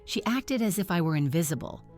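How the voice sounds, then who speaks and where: Middle-aged woman, scripted story narration, earnest, measured, slightly low voice. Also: expressive, darkish tone, faint music behind.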